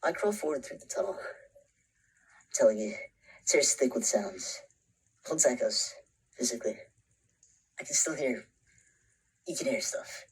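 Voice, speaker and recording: A man's voice: medium pitch, animated, a little slow, long pauses, slightly rough, poor audio. An actor playing an anxious, introspective young man who narrates a short film in a half-whispered voice. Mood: brooding. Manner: brooding, often half-whispered, breaks into panicked shouts.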